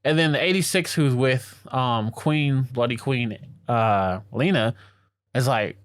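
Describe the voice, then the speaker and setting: Excitable man recapping a story, dry close sound. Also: mid-range voice, a little slow, no echo. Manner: excited, slangy storytelling, acting out lines. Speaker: podcast co-host. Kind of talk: casual anime recap chat.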